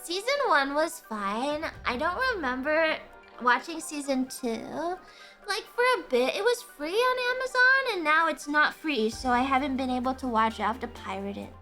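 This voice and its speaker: A woman hosting a casual live stream, chatting with viewers in an animated, profane, ranting way, often breaking into laughter. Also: high voice, normal speed, faint music behind. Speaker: livestream host.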